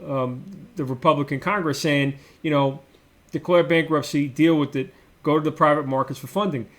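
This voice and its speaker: A man's voice: on the high side, a bit bright. A middle-aged man and former mayor walking through slides in an explanatory policy talk, repeating words for emphasis with frequent fillers. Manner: repetitive, emphatic, many fillers.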